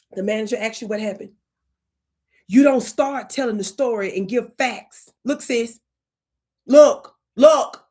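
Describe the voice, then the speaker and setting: Playful, animated woman coaching a livestream. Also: a little high. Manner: animated and playful, with sudden whispers and drawn-out words. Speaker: channel host.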